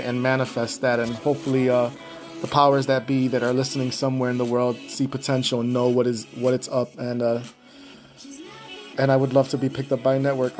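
A man's voice: mid-range voice, level tone, a little fast, a little mellow, faint music behind. Giggly rambling podcast host guy. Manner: laughs a lot, rambling and profane. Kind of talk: casual solo podcast chat.

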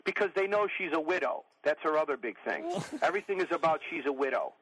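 A middle-aged man tells profane, rambling comic stories in a fairly high voice. The sound is dry and close, with no room around it. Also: animated, fast talker, fairly bright tone, breathy edge, dry recording, poor audio. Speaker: podcast guest. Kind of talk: profane storytelling chat.

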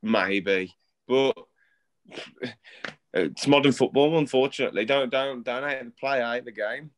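A man's voice: medium pitch, a little slow. A man, co-hosting a casual football chat over a video call in a laid-back way. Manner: laid-back, laughs easily. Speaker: podcast co-host.

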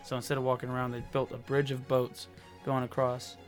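A young man chatting on a podcast at a middle pitch. He rambles through his stories and leans on "like" between his thoughts. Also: completely flat delivery, a little fast, faint music behind. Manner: rambling, fills with "like". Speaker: podcast co-host. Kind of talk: casual chat.

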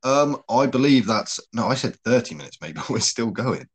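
A man's voice: medium pitch, animated, normal speed, breathy edge. A man hosting his own podcast in a casual chat with a friend, laid-back and swearing freely, calling his guest mate. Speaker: podcast host.

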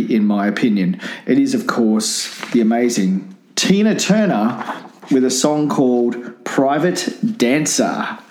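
A man's voice: mid-range voice, darkish tone. A man around fifty co-hosting a casual podcast, joking and rambling with frequent laughs. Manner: jokey, rambling, laughs often. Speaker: podcast co-host. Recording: roomy echo.

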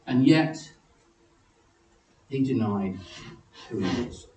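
A man preaching a sermon in a church, animated, acting out figures from the story in high excited voices. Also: takes it slowly, long pauses, roomy sound, recorded from a distance, rough recording.

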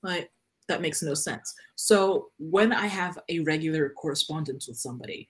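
A woman's voice: low-pitched, moderate pace, breathy edge. A woman writer, a guest on a podcast, chatting casually and rambling with plenty of "like". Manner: rambling, peppered with "like". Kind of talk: casual chat.

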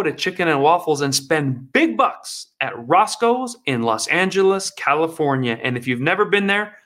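A man with a fairly high speaking voice hosts his own commentary show. He reacts to news stories with sarcasm and emphasis. He speaks directly to the people watching. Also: very animated, normal speed, hardly any pauses, a bit bright.

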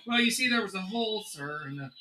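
A man's voice: high voice, lively intonation, quick pace, pushed and bright, roomy sound, a little hiss or hum, heavily acted. A man doing a rambling, nervous young crewmate. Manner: rambling, hesitant.

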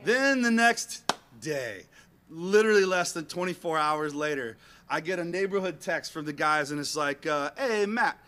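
A man telling an animated personal story to an audience in a rambling, self-mocking way, acting out bits of dialogue. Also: a little high, moderate pace.

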